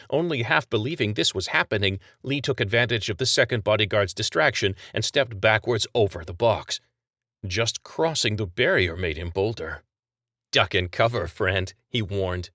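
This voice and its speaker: Low-voiced man narrating an audiobook. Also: lively intonation, normal speed, bright, forceful tone, dry recording, clean studio sound. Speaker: author narrating his own story.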